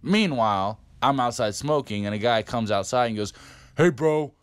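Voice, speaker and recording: A man's voice: lowish voice, normal speed, a bit bright, clean tone, dry recording, clean studio sound. Rambling, profane middle-aged man storyteller. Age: 50s. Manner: rambling, profane, lots of fillers. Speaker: vlogger. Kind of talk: casual storytelling.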